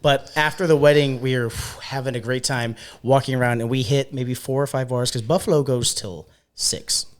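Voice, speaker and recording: A young man hosting a podcast in a bar, telling stories in a loose, profane and animated way. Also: mid-range voice, normal speed. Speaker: podcast host, bartender. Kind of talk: casual storytelling chat.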